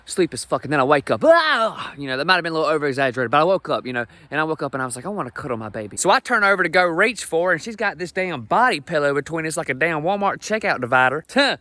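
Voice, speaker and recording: Fast, brash stand-up comic. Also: male voice, a little high, animated, pushed and bright, dry recording. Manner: brash, profane, self-deprecating. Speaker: stand-up comedian. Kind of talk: stand-up comedy.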